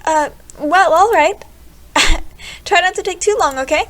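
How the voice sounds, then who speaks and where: A woman voicing a cheerful, clumsy teenage girl who talks in a gentle, hesitant way. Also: extremely high pitch, measured pace, voice pushed up.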